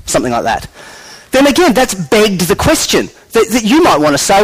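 A man giving a sermon in a conversational, animated way, acting out quoted voices along the way. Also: sits high, brisk, a little hiss or hum, low-quality recording. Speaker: preacher.

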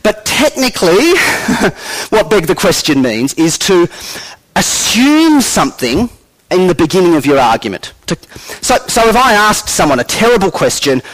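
A man preaches in a lively, conversational way, his voice sitting fairly high for a man and swinging widely in pitch. He slips into quick acted-out voices to make his points. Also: poor audio. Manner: animated, conversational, acts out quoted voices. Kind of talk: sermon.

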